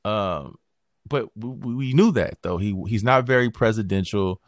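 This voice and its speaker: A man with a low voice holds forth on a casual podcast, heated and slangy, dropping into mocking impressions as he goes. The sound is close and dry, with no room around him. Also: moderate pace, no echo. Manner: animated, slangy, swears, mimics others. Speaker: podcast host. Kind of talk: casual political chat.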